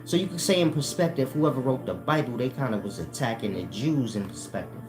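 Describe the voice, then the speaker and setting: A man's voice: medium pitch, brisk, over music. A man hosting his own channel, talking in a casual, profane monologue and checking in with listeners as he explains. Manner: profane, keeps asking "you get my point?"; addresses listeners as "y'all". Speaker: channel host.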